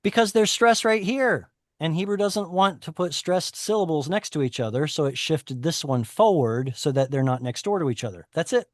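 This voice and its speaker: A medium-pitched man teaches a Hebrew reading class by video call, explaining at length in a chatty manner and correcting himself often. The recording is dry and of studio quality.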